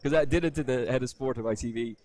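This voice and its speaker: A man commentating live poker, a chatty storyteller with quick asides. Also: medium pitch, a little mellow, no room sound.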